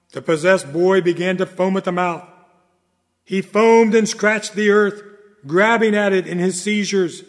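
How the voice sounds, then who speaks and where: A high-pitched male preacher delivers a sermon with dramatic oratory. His voice swings from ringing proclamations to hushed low phrases. A long reverb trails each line, as in a large hall.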